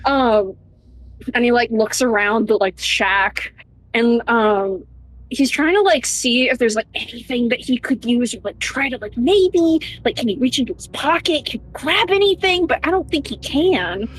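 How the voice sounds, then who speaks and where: A woman's voice: a little high, expressive, moderate pace, rough recording. A woman player in a tabletop game, talking casually with lots of fillers. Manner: chatty, lots of fillers, laughs easily.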